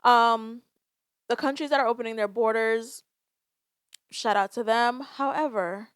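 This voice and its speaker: A woman's voice: a little high, steady tone, a little slow, clear, resonant tone, no room sound, studio quality. A young woman hosting a solo podcast, talking candidly and emotionally with frequent sighs and swearing. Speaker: podcast host. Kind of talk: casual solo podcast talk.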